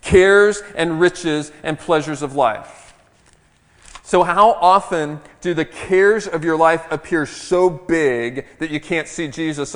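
A man preaching a sermon as pastor, earnest and teaching, often restarting his words. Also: on the high side. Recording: long hall reverb.

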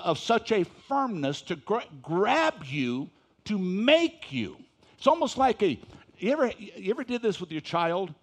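Pastor, male, very high pitch, folksy sermon delivery that builds to emphatic shouting. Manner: swings from soft asides to loud emphatic preaching; reads scripture slowly with stress.

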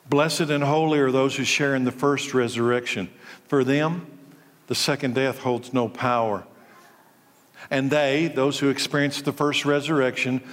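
A man's voice: medium pitch, moderate pace, fairly bright tone. A male pastor preaching a sermon, emphatic and full of rhetorical questions. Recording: long reverb of a large hall.

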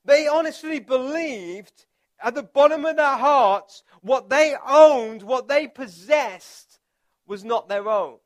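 A man preaching a relaxed, conversational sermon as pastor, chatty and self-deprecating, with filler words and restarts. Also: very high voice, takes it slowly.

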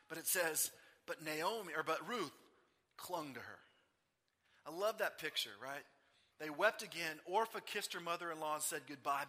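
A man preaching a sermon, telling the story with feeling and acting out the people in it. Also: on the high side. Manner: animated storytelling, voicing the people in the text. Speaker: pastor. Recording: long hall reverb.

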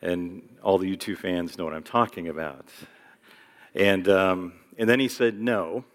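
A man's voice: sits low, measured pace. Man preaching in a reverberant church. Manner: casual, joking asides with fillers. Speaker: pastor. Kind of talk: sermon. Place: church sanctuary.

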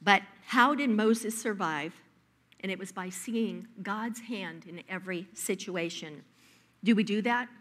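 A woman preaching a sermon, telling personal stories in a lively, emphatic way. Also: medium pitch, unhurried.

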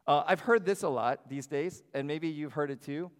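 A man preaching a sermon as pastor, animated and shifting his loudness, often acting out the voices of others. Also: a little high, normal speed, clean tone, long reverb tail. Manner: animated, varies loudness, acts out quoted voices. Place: church sanctuary.

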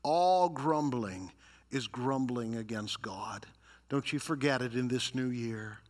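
Preaching at a slow pace in a mid-range voice, this pastor gives a dramatic performance. He imitates grumbling voices and reads scripture aloud, building the intensity as he goes.

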